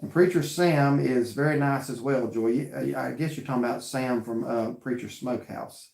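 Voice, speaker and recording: A man's voice: medium pitch, normal speed, creaky, a little mellow, roomy sound. A man hosting a casual chat and telling a story earnestly with quoted back-and-forth dialogue. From North Carolina. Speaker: vlog host reading live chat.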